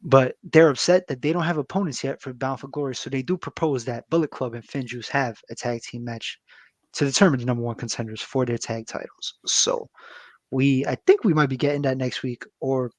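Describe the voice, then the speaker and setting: Co-hosting a podcast, a man casually recaps a wrestling episode through loose, profane banter full of fillers and laughs. His mid-range voice holds a steady tone, he speaks a little fast, and there's no echo.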